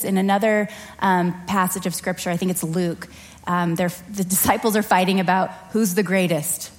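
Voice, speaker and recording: A woman's voice: on the low side, steady tone, normal speed. A woman leading a prayer and then preaching in a church service, earnest and conversational, acting out little scenes as she tells them. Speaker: children's or family pastor. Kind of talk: prayer and sermon.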